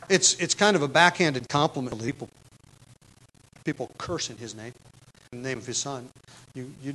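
A man preaching an expository sermon, stressing key words loudly and then dropping to quiet asides. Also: medium pitch, poor audio. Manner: emphatic, swings between loud stresses and quiet asides; repeats key words for emphasis.

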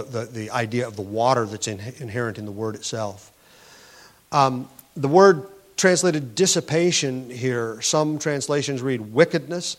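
A man with a somewhat high voice delivers a sermon. He teaches through a scripture passage in an earnest way, lifting his pitch and volume on key words. He often restarts a phrase before carrying on. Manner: earnest teaching with rising emphasis and frequent restarts. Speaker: pastor.

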